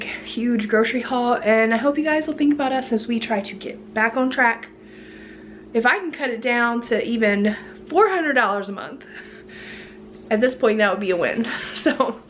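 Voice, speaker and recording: Woman, slightly high voice, sick and tired, chatty vlog talk, faint background hiss. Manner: chatty, lively price rundown, frequent laughs. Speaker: vlogger. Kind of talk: casual grocery haul chat.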